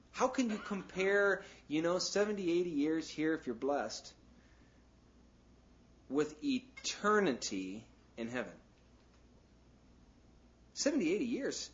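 A pastor with a slightly high, somewhat bright voice preaches a loose, conversational sermon packed with "you know" asides, jokes, and acted-out bits. The recording sounds dull and lo-fi, with a little background noise.

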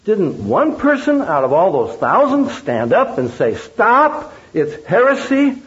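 A man's voice: on the high side, huge pitch swings, unhurried. A man preaching a sermon, emphatic and full of rhetorical questions to the audience. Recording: dull lo-fi recording.

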